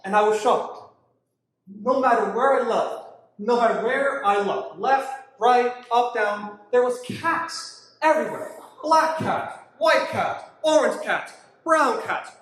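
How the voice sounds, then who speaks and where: A man doing stand-up, telling a travel story and acting out his own panicked reactions. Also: very high-pitched. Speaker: stand-up comedian. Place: brewery comedy show. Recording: echoey room.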